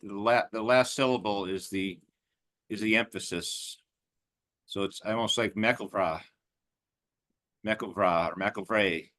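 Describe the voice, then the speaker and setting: Man, lowish voice, halting co-host, casual chat. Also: a bit bright, no echo. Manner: halting, restarts words often. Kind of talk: casual chat on clan history.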